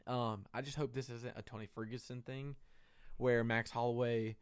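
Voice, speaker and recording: A young man talks through a fight in a loose, excited ramble full of fillers and the odd curse. His voice sits at an ordinary middle pitch. It is recorded dry and close, with no room sound. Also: normal speed, smooth, no room sound. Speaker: MMA reaction host. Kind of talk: casual fight breakdown commentary.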